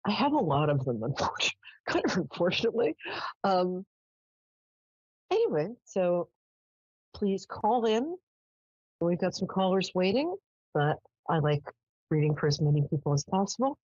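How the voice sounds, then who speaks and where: Low, lively-voiced woman psychic host. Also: moderate pace, pauses often, slightly rough, no echo, muffled recording. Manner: chatty, animated, lots of "um"s and laughs. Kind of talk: live call-in show, storytelling.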